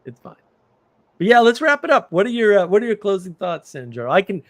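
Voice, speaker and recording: His voice sits high and moves fairly quickly, with no echo in the recording. The man, from the United States, hosts a livestream where he tells stories in casual conversation and acts out others' disbelieving outbursts with plenty of animation.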